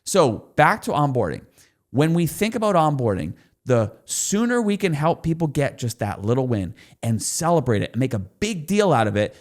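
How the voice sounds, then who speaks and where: A man guest on a podcast, an enthusiastic storyteller explaining business lessons. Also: on the high side. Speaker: guest expert.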